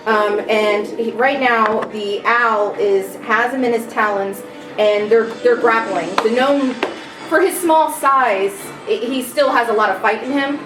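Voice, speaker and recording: A woman's voice: on the high side, a little slow. Casual woman running a tabletop game. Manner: casual, many fillers. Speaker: game master. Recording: echoey room, distant mic, soft music.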